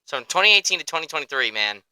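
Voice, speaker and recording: A young man hosting a sports podcast in an excitable, rambling, profane way, close to the mic. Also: a little high, rapid-fire, smooth, no echo, rough recording. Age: young adult. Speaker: podcast host. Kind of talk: casual chat.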